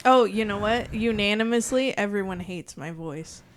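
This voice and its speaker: A woman's voice: medium pitch, moderate pace, slight background noise. A woman chatting casually on a podcast, laughing often and trailing off mid-sentence. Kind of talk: casual chat.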